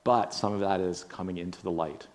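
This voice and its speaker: A male pastor with a somewhat low voice preaches in an earnest tone. He leans on repetition and keeps checking in with his listeners. Later he leads them in prayer. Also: steady tone, a little fast. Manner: earnest, repetitive emphasis, frequent "right?". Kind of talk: sermon and closing prayer.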